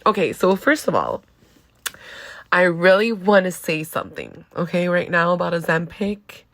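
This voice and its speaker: Candid woman host with a gravelly edge. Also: fairly low pitch, a little slow, a bit bright. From Venezuela. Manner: candid and chatty, heavy use of "like". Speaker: podcast host. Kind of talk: casual personal monologue.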